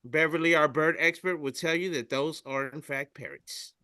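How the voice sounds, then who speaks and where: A man's voice: a little high, moderate pace, pushed and bright, dry recording. A man co-hosting a podcast, reading memes aloud in casual chat, swearing freely and voicing the quotes. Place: studio.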